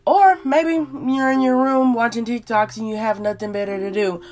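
A woman's voice: fairly high pitch, steady tone, moderate pace, a little mellow. A woman hosting her own podcast, with playful, chatty talk and story time aimed straight at her listeners. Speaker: podcast host. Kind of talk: casual chat and story time.

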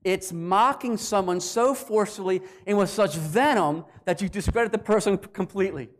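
A man with a notably high voice preaches a sermon. He explains scripture in an animated way, now and then slipping into acted voices to drive a point home. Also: normal speed. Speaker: pastor.

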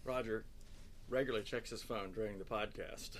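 A man in his fifties hosting a casual podcast chat, telling stories in an animated way. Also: fairly low pitch, moderate pace, slight background noise. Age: 50s. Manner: lively storyteller, chuckling, animated asides. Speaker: podcast host and speaker.

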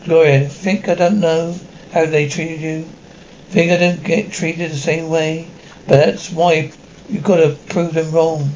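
A man's voice: on the high side, little pitch movement, unhurried, darkish tone, highs cut off, a little hiss or hum, lightly acted. A man voicing a devoted, hard-working single mother who talks in a tender, pleading way.

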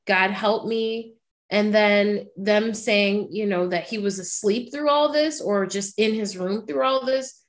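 Slow-talking, emphatic woman co-host. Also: mid-range voice. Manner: emphatic and insistent, repeats her points. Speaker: podcast co-host. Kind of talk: casual chat.

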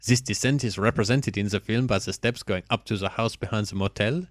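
A man's voice: lowish voice, fairly even intonation, brisk, dry recording, clean studio sound, lightly acted. A man putting on a mock French accent to voice a pompous male film critic with grand, lofty phrasing. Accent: put-on French.

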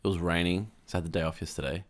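A man's voice: low voice, fairly even intonation, rapid-fire. An Australian man co-hosting a podcast, chatting casually and rambling with easy laughs. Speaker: podcast co-host. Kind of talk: casual chat.

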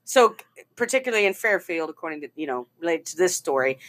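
A woman's voice: on the low side, animated, fast talker. Chatty woman co-hosting a casual show. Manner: chatty, laughing, swears freely. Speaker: podcast co-host. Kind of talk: casual chat.

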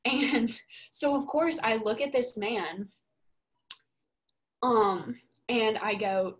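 A young woman co-hosting a podcast, telling a story in a casual, animated way and swearing a lot. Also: a little high, takes it slowly, a little hiss or hum, low-quality recording. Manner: animated, profane, emphatic storytelling. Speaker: podcast co-host.

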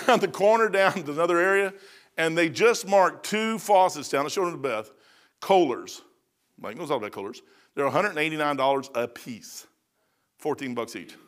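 A man in his sixties preaching a sermon, telling folksy stories and swinging between loud punchy lines and soft asides. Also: on the high side. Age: 60s.

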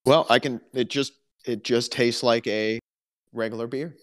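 A man's voice: mid-range voice, fairly even intonation, moderate pace. A man co-hosting a casual podcast, telling stories in a chatty, dry, joking way. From Alabama, US. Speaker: podcast co-host. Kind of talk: casual chat.

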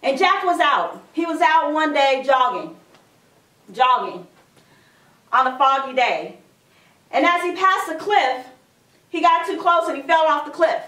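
Woman preacher, high-pitched, slow and repetitive, echoey and distant. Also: expressive, bright, forceful tone. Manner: repeats phrases for emphasis. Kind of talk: sermon.

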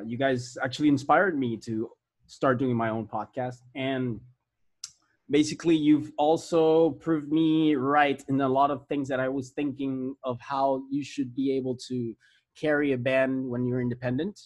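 A man's voice: medium pitch, steady tone, unhurried, darkish tone. A man from Puerto Rico who is a guest on a casual podcast, speaking in a laid-back way and swearing freely. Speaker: podcast guest, metal musician.

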